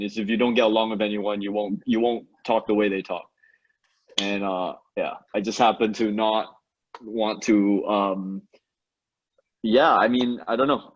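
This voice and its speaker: A man guest comedian in a casual interview chat, relaxed and hesitant, laughing often. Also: on the low side. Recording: dull lo-fi sound.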